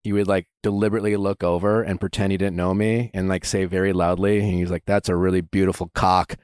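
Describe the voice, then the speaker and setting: A man hosting a casual podcast chat, telling relaxed, wry anecdotes. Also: low voice, fast talker, smooth, dry recording, clean studio sound. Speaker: podcast host.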